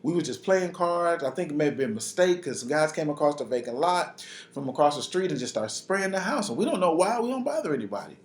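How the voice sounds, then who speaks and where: A man's voice: a little high, sing-song, fast. A man voicing laid-back guys guarding the block. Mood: reassuring. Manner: easygoing, protective. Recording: roomy hall sound.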